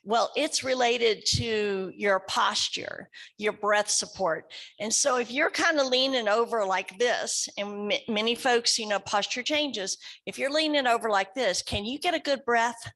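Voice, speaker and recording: A woman's voice: on the high side, a little slow, a bit bright. A woman from West Kentucky, a speech therapist giving an educational talk to a support group in a conversational way, often asking the audience questions. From West Kentucky, USA.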